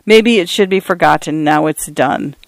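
A gentle, wistful old pioneer grandfather , as a man narrator puts him on, speaking slowly and softly. Audiobook reading, dry and close. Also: a little high, gravelly, no room sound. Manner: gentle, slow.

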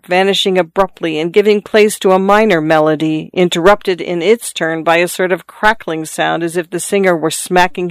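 A narrator reading a classic story in an even, measured way. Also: medium pitch, clear, resonant tone, dry recording. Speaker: audiobook narrator.

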